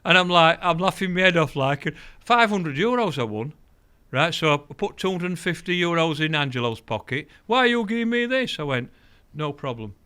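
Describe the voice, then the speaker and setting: Older guy telling fishing yarns, bright clear voice, acts out all the voices. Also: a little high, moderate pace, few pauses. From England. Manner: animated, acts out quoted voices, laughs often. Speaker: guest, angling champion. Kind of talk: anecdotal storytelling.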